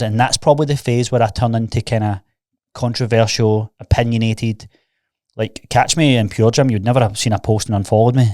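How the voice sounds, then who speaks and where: A man's voice: medium pitch, fairly even intonation, fast talker, a little mellow, no echo, studio quality. A young Scottish man, a fitness coach and podcast guest, telling candid stories in a casual chat and peppering them with "mate".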